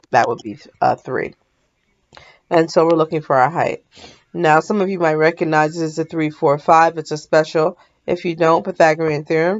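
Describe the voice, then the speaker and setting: A woman's voice: low voice, highs cut off. A woman math teacher talking through a recorded lesson in a sleepy, yawning, casual way, often stopping to apologize and correct herself.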